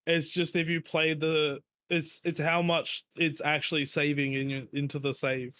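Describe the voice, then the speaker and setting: A man's voice: on the high side, flat delivery, normal speed, pushed and bright, clean tone, no room sound, studio quality. A man chatting casually on a podcast, rambling and swearing as he explains things. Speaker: podcast host. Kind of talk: casual chat.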